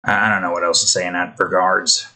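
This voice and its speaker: A man's voice: low-pitched, flat delivery, fast, pushed and bright. A man giving rambling gameplay commentary while building in a game, interrupting himself often and swearing. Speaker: game content creator. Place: indoors.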